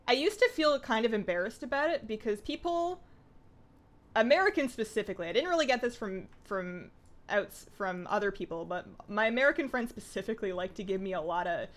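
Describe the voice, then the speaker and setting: A woman with a Canadian accent chats casually with her viewers while she plays a game on stream. She talks very fast and keeps up a running, chatty commentary, with a voice pitched in the middle range for a woman. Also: animated. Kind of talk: casual live-stream chat while gaming.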